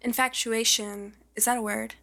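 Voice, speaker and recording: Gravelly, bright-voiced chatty young woman. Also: fairly high pitch, moderate pace. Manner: chatty, fillers "like" constantly, excitable gasps and squeals. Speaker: podcast co-host. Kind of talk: casual gossip chat.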